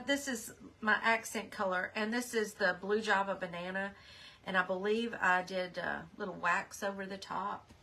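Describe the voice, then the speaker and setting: Slow-talking bright-voiced woman crafter. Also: medium pitch, slight background noise. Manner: chatty, rambling, greets viewers by name. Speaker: craft livestream host. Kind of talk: casual live craft demonstration.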